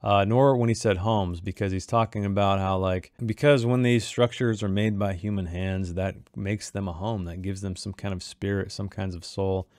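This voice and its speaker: A man's voice: deep voice, fairly even intonation, moderate pace, hardly any pauses, a little mellow, no echo, clean studio sound. A man talking casually about a short story he wrote, thinking aloud with many restarts. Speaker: author discussing his own short story. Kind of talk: casual commentary on his writing.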